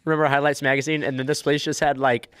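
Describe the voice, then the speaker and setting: A man's voice: medium pitch, flat delivery, a bit bright, clean tone. A man in casual podcast chat, talking loosely and swearing freely as he chimes into a story. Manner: quick, loose, swears casually, laughs along.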